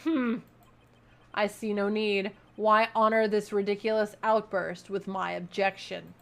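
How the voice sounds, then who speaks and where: A woman voicing a stern, arrogant older male prosecutor from a game, haughty and quietly scornful. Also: medium pitch, level tone, a little slow, gravelly. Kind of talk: reading game dialogue aloud.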